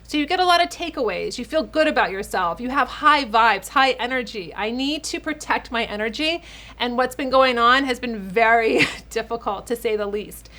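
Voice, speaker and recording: A woman's voice: a little high, animated, normal speed, bright, forceful tone. A woman in her forties talking straight to camera in a chatty, emotional beauty vlog, calling her viewers ladies and getting teary at times. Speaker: beauty channel host, esthetician. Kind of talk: casual direct-to-camera vlog.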